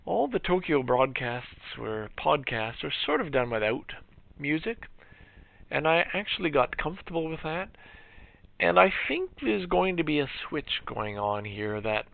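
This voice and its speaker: This podcast host is a middle-aged man with a slightly high, creaky voice, recorded with no room sound but a lo-fi, phone-like quality. He talks casually and reflectively, rambling along and trailing off into fillers.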